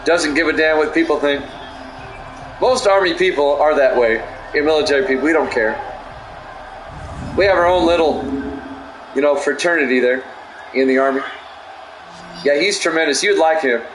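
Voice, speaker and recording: A middle-aged man with a slightly high voice calls football plays in a relaxed play-by-play style, breaking off into rambling stories for his chat. He laughs often. The sound is roomy and echoey, with a steady noise underneath. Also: moderate pace, pauses often. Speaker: streamer doing game commentary. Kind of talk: play-by-play commentary mixed with chatty storytelling. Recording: echoey room with background noise.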